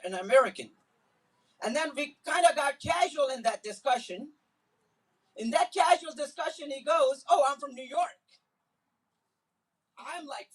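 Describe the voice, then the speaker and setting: A man giving an impassioned public speech at a community event, telling personal stories and building to forceful, emphatic repetition. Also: very high voice. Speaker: community speaker at a solidarity event. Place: Islamic center event. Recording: voice picked up from a distance.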